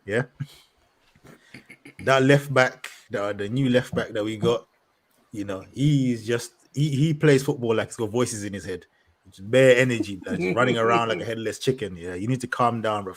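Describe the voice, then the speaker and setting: A young man rants loosely about football on a podcast, full of slang and quick laughs. His voice sits at an ordinary middle pitch, and he keeps the talk casual and animated throughout. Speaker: podcast co-host.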